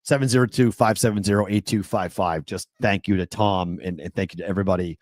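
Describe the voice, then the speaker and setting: A man hosting a sports talk show, telling stories in an animated, excitable way, full of fillers and restarts. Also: sits low, quick pace, no echo. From New England. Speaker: sports talk radio host. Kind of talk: casual sports talk storytelling.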